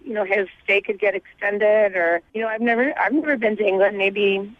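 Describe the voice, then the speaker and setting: A woman's voice: medium pitch, fairly quick. A woman calling in to a radio show, talking chattily with lots of fillers over a phone line. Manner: chatty, uses lots of fillers like "like" and "you know". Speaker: caller. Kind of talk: radio call-in conversation.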